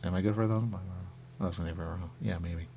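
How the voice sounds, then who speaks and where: Low gravelly man musing aloud. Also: fairly even intonation, fast talker, warm tone, lo-fi sound, a little hiss or hum. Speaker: radio show host. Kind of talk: casual chat.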